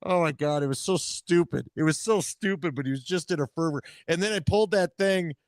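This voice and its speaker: A man's voice: a little high, brisk, dry recording, studio quality. A man co-hosting a casual sports talk show, teasing his partner and telling jokey stories. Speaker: co-host. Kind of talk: casual chat.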